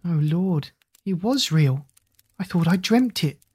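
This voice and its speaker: A reader voicing an excitable young girl who screeches her words. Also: normal speed, breathy edge. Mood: overjoyed. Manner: screeching, high cries.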